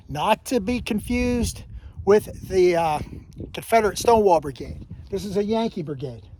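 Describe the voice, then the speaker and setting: High-voiced man vlogging on a trail. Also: warm tone, a little hiss or hum. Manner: rambling, self-correcting storyteller. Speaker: hiking vlogger. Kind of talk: casual walking history talk. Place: outdoors on a mountain trail.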